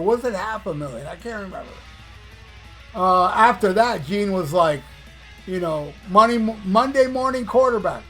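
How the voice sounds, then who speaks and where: A man's voice: high voice, animated, measured pace, fairly bright tone, soft background music. A man hosting a podcast, talking in a casual monologue as a blunt, profane, ranting fan. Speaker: podcast host.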